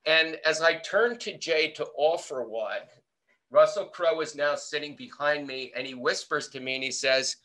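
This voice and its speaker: Speaking at a normal speed, the entomology professor's voice sits on the high side, bright and forceful. He's a middle-aged American giving a lively, anecdotal webinar talk, playfully storytelling and voicing the characters he quotes.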